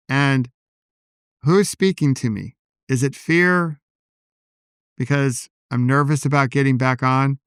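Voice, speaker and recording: A man hosting a solo podcast, talking in a calm, personal, reflective way into a podcast microphone. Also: medium pitch, clean tone, no room sound, clean studio sound. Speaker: podcast host.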